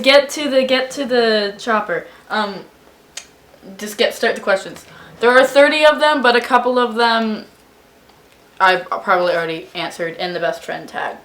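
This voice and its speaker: A young woman hosting her own channel, chatting casually and rambling with a friend at home, breaking into loud laughs. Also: medium pitch. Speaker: channel host. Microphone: camera on tripod.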